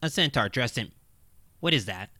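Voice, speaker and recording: A man's voice: mid-range voice, expressive, moderate pace, bright, forceful tone. A man voicing a sarcastic male goblin wizard who answers with dry, exasperated remarks in a comedy audio drama.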